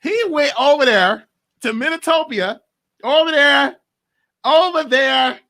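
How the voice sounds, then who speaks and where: A man's voice: very high-pitched, slow pace, sharp tone. A man hosting his own gossip show, rambling and repeating himself as he recaps what he overheard for his viewers. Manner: reports overheard talk to viewers. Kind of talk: casual gossip commentary.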